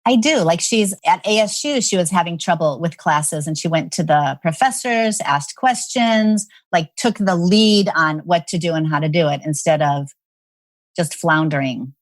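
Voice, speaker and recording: A woman's voice: on the low side, moderate pace, no room sound. A woman guest, a parenting expert, telling stories in a podcast interview and acting out the voices in her quotes. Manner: animated storyteller who acts out quotes.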